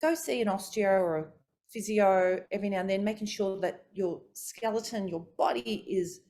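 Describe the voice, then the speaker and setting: Expressive woman vocal coach teaching warm-ups. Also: normal speed. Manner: expressive, demonstrates pitch and articulation. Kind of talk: coaching workshop talk.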